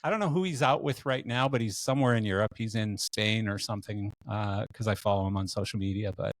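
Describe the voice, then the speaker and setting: A man's voice: lowish voice, quick pace, no room sound. A Canadian man hosting a podcast interview, telling long stories in a casual, rambling way full of fillers and restarts. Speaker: podcast host.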